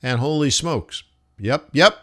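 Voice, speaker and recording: Expressive and a bit bright, his mid-range voice drifts through unhurried, musing commentary as he trades forex live. He keeps talking to viewers as "guys" while studying the charts.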